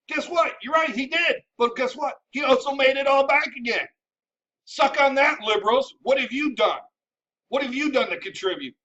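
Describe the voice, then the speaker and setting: A man, an army veteran, ranting at his viewers in a combative, profane, scolding way, shouting at times. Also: very high voice. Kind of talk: ranting commentary to camera. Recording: dull sound from a distant mic.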